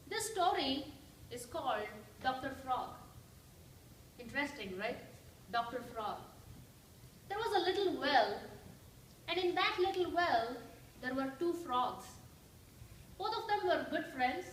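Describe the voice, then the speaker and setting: A woman's voice: high-pitched, a bit bright, a little hiss or hum. A woman giving a devotional talk as a guest speaker in a church, telling a story and asking the audience questions. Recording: echoey church hall from far off.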